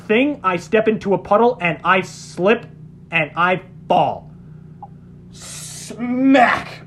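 A man, a podcast guest, tells a casual story in a high voice. He takes his time, drawing things out at an unhurried pace. He swears a lot and laughs often. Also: slight background noise.

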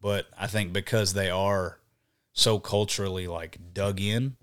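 A young man and podcast guest telling profane, animated stories in casual chat. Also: deep voice, measured pace, smooth. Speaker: podcast guest, band vocalist.

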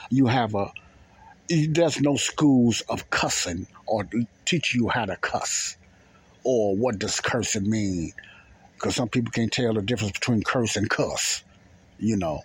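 A man's voice: lowish voice, a little slow, a little hiss or hum. A man hosting a podcast, talking in a casual, rambling monologue that repeats phrases in plain, folksy speech. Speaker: podcast host.

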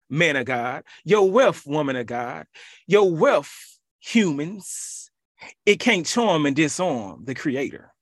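Emphatic preacher man, lively pitch. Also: dry recording, studio quality. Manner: emphatic, repetitive preaching with rhetorical questions. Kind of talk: sermon.

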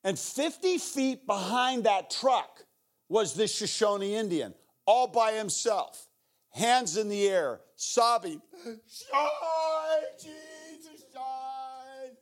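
A middle-aged man preaching as a guest speaker, telling an animated story and acting out the people in it, with playful asides. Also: sits high, slow. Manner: animated, acts out the people in his stories. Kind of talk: sermon storytelling.

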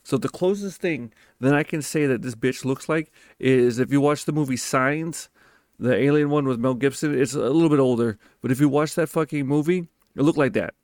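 A man spins a personal story in a loose, casual monologue, cursing freely and leaning hard on his words. His voice sits at an ordinary middle pitch. It is recorded close and dry, with no room sound. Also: normal speed, no echo. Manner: profane, emphatic and animated.

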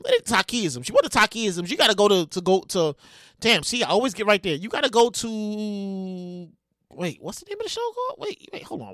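A podcast host, heard as a woman, ranting excitedly, often stammering and repeating herself, sometimes shouting and making dramatic outbursts. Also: medium pitch, no echo. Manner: sound effects and dramatic outbursts. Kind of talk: excitable comedic rant.

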